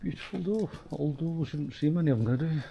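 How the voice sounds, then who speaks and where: Male vlogger, windy streets, slightly high voice, chatty, puffing a bit. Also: fast talker, warm tone, highs cut off. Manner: chatty, mild swearing. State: out of breath. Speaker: travel vlogger. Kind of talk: casual walking commentary. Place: outdoors in windy old town streets.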